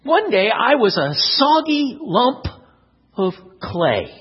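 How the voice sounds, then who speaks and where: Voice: medium pitch, sing-song, takes it slowly, husky, lo-fi sound, exaggerated voice. A speaker voicing a talking clay vase that tells of its painful shaping in a children's story, crying out as it goes. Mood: pained, recounting. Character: talking clay vase, proud, once suffering.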